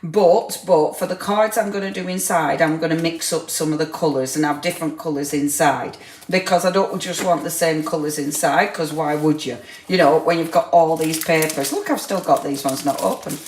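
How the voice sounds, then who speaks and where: A woman's voice: deep voice, normal speed, darkish tone, reverberant, slight background noise. A woman hosting a crafting livestream from her craft room. She chats casually with viewers, laughs often and teases them. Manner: chatty, laughs often, teasing. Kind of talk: casual live chat with viewers.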